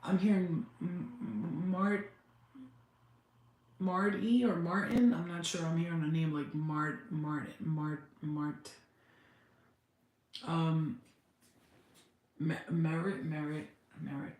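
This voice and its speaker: A woman psychic medium channeling messages in a halting, repetitive, emotional way, close to tears. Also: low-pitched, fairly even intonation, darkish tone. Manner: halting, repetitive, restarts words. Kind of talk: live spirit channeling session. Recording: very echoey room, faint background noise.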